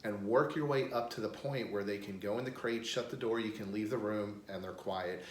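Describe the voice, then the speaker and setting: Low-voiced American dog trainer in echoey room. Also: male voice, fairly even intonation, moderate pace. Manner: plain practical explaining, upbeat praise bursts. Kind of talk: instructional demonstration. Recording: echoey room with faint noise.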